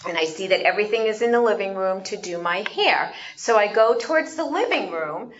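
A woman giving an animated storytelling talk, asking her audience questions as she goes. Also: medium pitch, brisk, highs cut off, slight background noise. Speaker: speaker.

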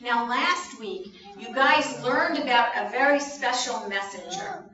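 A woman's voice: a little high, measured pace, crowd noise. Woman telling children a story in church. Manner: animated storytelling, asks children questions. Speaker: children's sermon leader. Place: church sanctuary. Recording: roomy distant church sound, muffled.

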